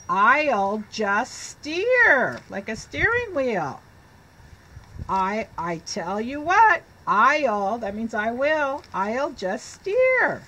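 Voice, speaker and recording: A whiny, pushy pigeon , put on by a woman reading a storybook, begs in a loud, drawn-out wheedle. The voice sits high and swoops around with a bright edge. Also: exaggerated voice, low-quality recording. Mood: scheming. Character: pushy young male pigeon begging to drive.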